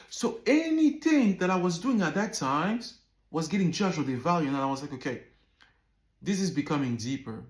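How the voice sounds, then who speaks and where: Animated man in his thirties, echoey room. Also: on the high side, brisk. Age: 30s. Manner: animated, repeats words, swears freely. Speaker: vlogger. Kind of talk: casual storytelling to camera.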